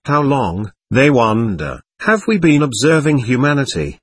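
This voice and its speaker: A man voicing a somber, commanding male alien overseer in an audiobook, with a measured, grave delivery. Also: medium pitch, big pitch swings, slightly rough, dry recording.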